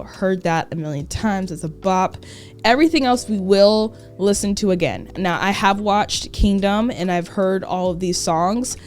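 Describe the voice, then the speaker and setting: A woman's voice: on the low side, a little mellow. A young woman, a student, chatting casually and emotively to camera as a reaction YouTuber, rambling with fillers and laughs.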